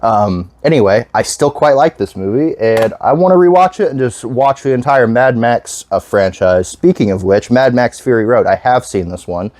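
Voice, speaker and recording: A man chatting casually on his vlog, rambling from one thought to the next and swearing freely. He restarts sentences often, in a mid-pitched voice with a dry, close sound. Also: expressive, normal speed, few pauses, a little mellow, dry recording. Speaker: vlogger. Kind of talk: casual chat.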